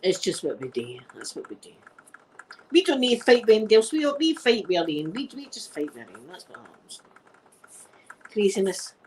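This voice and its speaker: A middle-aged Glaswegian woman spins stories in an easygoing ASMR chat. Her voice sits at an ordinary pitch for a woman, and her speech is sprinkled with Scots words. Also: very animated, moderate pace, slight background noise, rough recording. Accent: Glaswegian Scottish. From Scotland. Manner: chatty anecdotal storyteller using Scots words. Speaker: ASMR creator.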